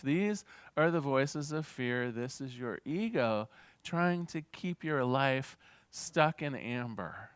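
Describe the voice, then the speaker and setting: A minister giving a sermon in an earnest, gentle teaching manner, with small restarts as he talks. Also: on the high side, animated, takes it slowly, clean tone, dry recording.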